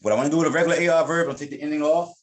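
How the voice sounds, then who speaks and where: A man's voice: on the high side, fairly even intonation, rapid-fire, reverberant. A man teaching a class at a board, explaining informally and correcting himself as he goes. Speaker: Spanish teacher.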